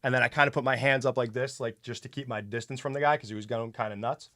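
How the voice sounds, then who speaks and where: Animated New man telling a story. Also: medium pitch, fast, no room sound. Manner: animated storyteller, acts out quotes, swears freely. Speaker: podcast host. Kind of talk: casual chat, storytelling.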